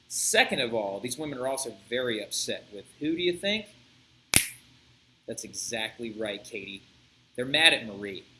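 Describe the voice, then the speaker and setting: Bright, animated male history teacher. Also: mid-range voice, low-quality recording. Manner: animated storytelling, frequent "right?" check-ins. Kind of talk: flipped-classroom video lecture.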